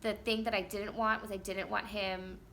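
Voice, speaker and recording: Mom vlogger, woman, 30s, bright edgy tone, casual rambling storyteller. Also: mid-range voice, level tone, moderate pace, gravelly, slight background noise. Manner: chatty, rambling, many fillers.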